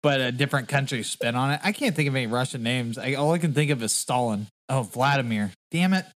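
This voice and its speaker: A man's voice: mid-range voice, fast talker. A man co-hosting a podcast in casual, joking chat, laughing often and rambling. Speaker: podcast co-host.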